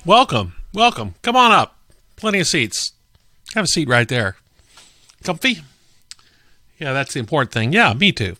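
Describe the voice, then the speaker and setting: A man hosting a podcast, telling a story in a relaxed, chatty way with frequent fillers. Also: on the high side, moderate pace, pauses often, dry recording. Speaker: podcast host. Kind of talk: casual storytelling monologue.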